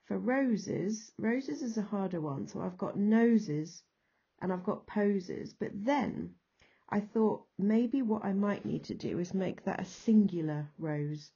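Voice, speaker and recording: A woman's voice: mid-range voice, takes it slowly, gravelly, mellow, breathy edge, lo-fi sound. A woman with an English accent, teaching a recorded lesson and patiently talking through examples step by step.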